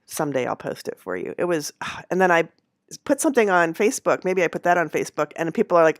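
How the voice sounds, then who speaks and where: A woman's voice: lowish voice, sing-song, fast, no echo, clean studio sound. A woman who knits by hand, casually telling a personal story in a rambling way, with fillers, self-corrections and frequent laughter. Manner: amused, laughs often. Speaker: handknitter.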